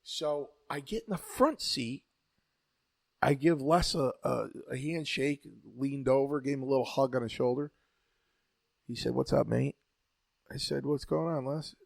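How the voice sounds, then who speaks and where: A man's voice: mid-range voice, unhurried, vocal fry, pauses often, no echo. A man, a former wrestler and podcast co-host, telling a long story in a rambling, profane way with stumbling restarts. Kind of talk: casual storytelling banter.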